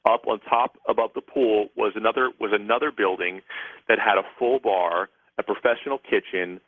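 A man's voice: on the low side, fairly even intonation, normal speed, no room sound. Man telling a story over a tinny phone line. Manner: rambling, many restarts while describing. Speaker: guest author and psychic. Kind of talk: phone-in radio interview storytelling.

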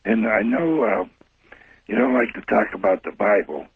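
Gravelly raspy male caller on a phone line. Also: fairly low pitch, animated, moderate pace, no room sound. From Ohio, USA. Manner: rambling, hesitant. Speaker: radio caller. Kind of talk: phone-in chat.

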